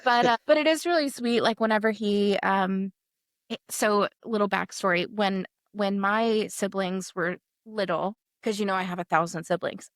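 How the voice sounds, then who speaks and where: A woman's voice: mid-range voice, normal speed, no echo, studio quality. Giggly young woman in casual chat. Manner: giggly, animated storytelling. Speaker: podcast co-host. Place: apartment.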